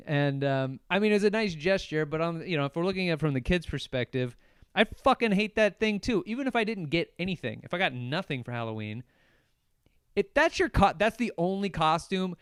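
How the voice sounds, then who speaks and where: A man's voice: a little high, expressive, brisk, fairly bright tone, clean tone, no room sound. A young man hosting a solo podcast, reviewing a horror movie in a profane, sarcastic, rambling rant. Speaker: podcast host.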